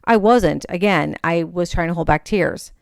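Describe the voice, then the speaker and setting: A woman's voice: fairly low pitch, normal speed, vocal fry, clear, resonant tone, no echo, clean studio sound. A young woman hosting a podcast, telling a personal story and animatedly acting out the voices of the people in it. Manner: animated, acts out quoted voices. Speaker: podcast host. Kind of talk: storytelling monologue.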